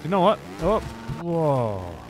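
A man's voice: on the high side, slow pace. A man streaming a game and chatting casually, rambling and self-mocking while he answers chat. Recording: steady noise behind the voice.

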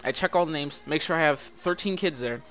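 A man's voice: a little high, a little fast, fairly bright tone, faint music behind. Rambling young man telling a story. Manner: rambling, heavy use of filler "like". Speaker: vlogger. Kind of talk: casual storytelling.

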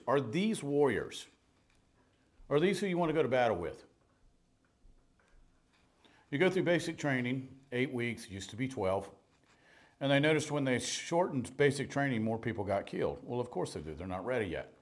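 Brief: middle-aged man, pastor, lively storytelling sermon, pitch leaps around, drops to near-whispers. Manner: animated, jumps between loud and hushed, laughs at own stories.

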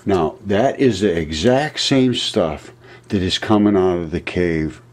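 A man talks over his amateur video, earnest and halting, stumbling and restarting his sentences. His voice is low and husky. He is played back from his own video clip. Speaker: presenter of an amateur science video. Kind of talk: casual video narration.

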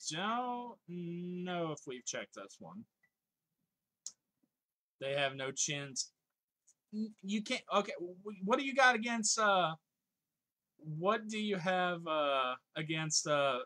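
A man's voice: a little high, expressive, takes it slowly, long pauses, sharp tone. A man in his thirties streaming live, chatting casually, reading viewers' comments aloud and laughing often.

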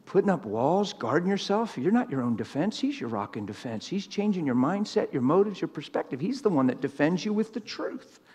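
A man's voice: a little high, sing-song, fairly quick, hardly any pauses, a little mellow, slightly rough, big-room sound. A middle-aged man preaching a live sermon in a church, plain-spoken and teasing, laughing along with the crowd.

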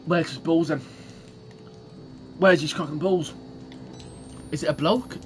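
A man's voice: fairly high pitch, takes it slowly, faint music behind. A young British man commentating a horror game, swearing a lot and jumping at scares. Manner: jumpy, swearing, crude jokes. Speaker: gaming streamer.

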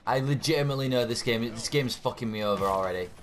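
A man's voice: mid-range voice, fast talker, slight background noise. A man giving angry, profanity-laden gameplay commentary as a YouTuber. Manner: angry, swearing, exasperated. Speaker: gaming YouTuber.

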